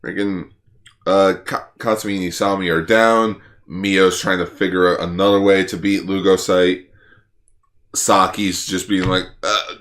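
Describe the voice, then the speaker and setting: A young man co-hosting a casual podcast, relaxed and joking. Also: low voice, unhurried. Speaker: podcast co-host. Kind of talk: casual chat.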